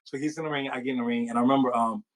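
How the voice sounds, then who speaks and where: A man, a former boxer, telling stories in an interview with a rambling, animated manner and many fillers. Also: medium pitch, racing, slight background noise, rough recording. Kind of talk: storytelling interview.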